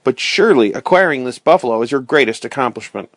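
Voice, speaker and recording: Storybook reading: a man voicing a calm mother, low-key and steady, dry close sound. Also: fast talker, no echo, lightly acted. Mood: admiring.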